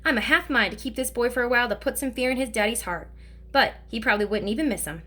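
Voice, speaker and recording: Woman reader doing a warm, no-nonsense mother figure from a storybook. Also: fairly high pitch, fast. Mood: disapproving. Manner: warm with the child, sharp with her father. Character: kind but scolding grown woman, a mother.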